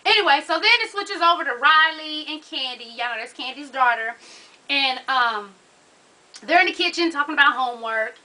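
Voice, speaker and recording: Sassy high-voiced woman recapping TV. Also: lively intonation, moderate pace, pushed and bright, low-quality recording. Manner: sassy, profane, keeps calling listeners honey. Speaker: reality TV recap vlogger. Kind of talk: casual episode recap.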